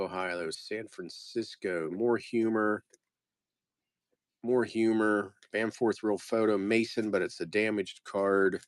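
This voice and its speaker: A man's voice: on the low side, dry recording, clean studio sound. A man selling postcards on a live stream, rambling casually and joking at his own expense as he reads off each card. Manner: rambling, self-deprecating, reading off card names. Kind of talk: casual live-sale narration.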